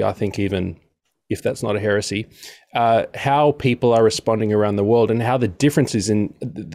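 A man's voice: on the low side, darkish tone, no echo, studio quality. A man hosting an interview, introducing his guest and asking rambling, friendly questions with many fillers. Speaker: interview host. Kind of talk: conversational interview.

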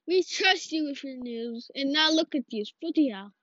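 A woman giving casual, rambling commentary while playing, excitable and mock-ranting. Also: sits high, moderate pace, hardly any pauses, no room sound. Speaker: video creator. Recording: dull lo-fi audio.

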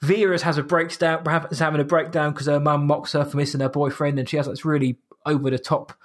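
A man's voice: fairly high pitch, flat delivery, fast talker. A man, co-hosting a casual podcast chat and rambling through a film recap with frequent restarts. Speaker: podcast co-host reviewing a horror film.

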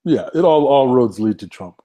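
A man chats casually, making measured, wry comments. His voice is dark and mellow, with a middle pitch. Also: animated. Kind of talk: casual chat.

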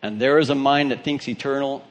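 A man's voice: medium pitch, steady tone, brisk. A male pastor with a Southern twang, reading scripture and preaching an emphatic sermon that asks questions of the congregation.

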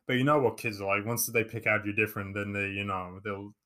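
Speaking a little fast, a man in his twenties with a fairly low pitch, steady tone and a bit of brightness hosts a podcast over a remote call. Born in England and brought up in New Zealand, he chats casually and rambles, often restarting and leaning on fillers.

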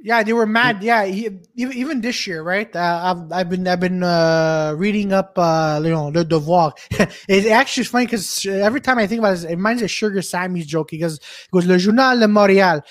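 A man's voice: sits high, fairly quick, no echo, clean studio sound. A man co-hosting a casual podcast chat, rambling and restarting his sentences and swearing freely. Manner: rambling, stop-start, swears often. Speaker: podcast co-host.

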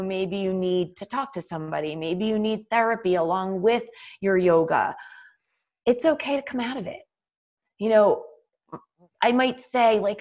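A woman's voice: medium pitch, darkish tone. Woman yoga teacher just chatting, loose and rambly, lots of like and you know. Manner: conversational, filler-heavy, acts out dialogue. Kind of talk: casual spoken talk.

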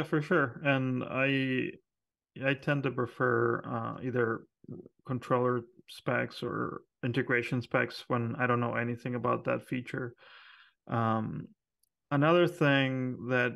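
A man co-hosting a podcast, talking shop in a relaxed, chatty way with lots of fillers and quick laughs. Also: medium pitch, vocal fry. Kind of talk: casual technical chat.

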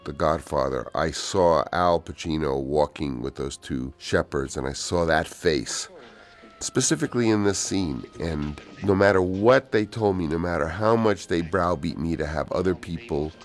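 An older man, a film director, telling rambling anecdotes in a soft, unhurried commentary. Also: sits low.

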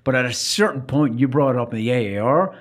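Man calmly explaining a training scenario. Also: medium pitch, quick pace. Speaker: firearms instructor. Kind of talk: casual chat.

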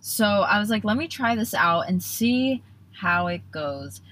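A woman's voice: mid-range voice, animated, a little slow, a bit bright, slight background noise. A young woman hosting her own podcast in casual solo chat, bubbly and rambling, often breaking off mid-thought. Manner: bubbly, rambling, self-interrupting. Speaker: podcast host.

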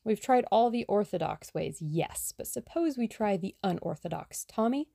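A woman voicing a plucky, scheming young woman adventurer in a brisk, self-assured way. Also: medium pitch, animated, creaky, mellow, dry recording, clean studio sound.

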